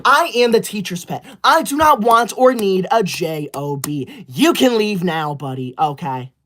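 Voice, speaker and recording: A man's voice: high-pitched, big pitch swings, measured pace, bright, forceful tone, exaggerated voice. A man playing a bossy teacher's-pet streamer. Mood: indignant. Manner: indignant, scolding, self-righteous. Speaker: livestreamer character. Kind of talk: comedic skit of a livestream.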